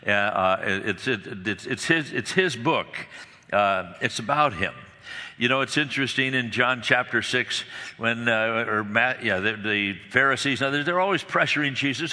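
Bright-voiced preacher in a reverberant hall. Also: male voice, mid-range voice, fairly quick. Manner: conversational, animated storytelling with restarts. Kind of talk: sermon.

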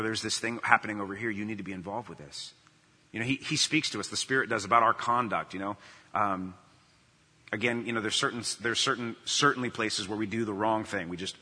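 A man's voice: lowish voice, pushed and bright, slightly rough, in a large hall. A man preaching a sermon as pastor, conversational and earnest, often restarting phrases and adding "you know".

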